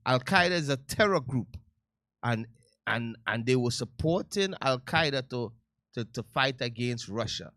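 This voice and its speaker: A man hosting a talk-radio show, giving casual commentary in a loud, heated, preachy way with slangy asides. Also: mid-range voice, no room sound, studio quality.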